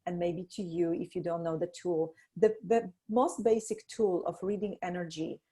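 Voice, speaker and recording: A middle-aged woman talking as a podcast guest about energy and intuition, animated, laughing often and acting out the voices she quotes. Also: fairly low pitch. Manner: slows to a soft guiding tone in exercises. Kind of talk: conversational interview.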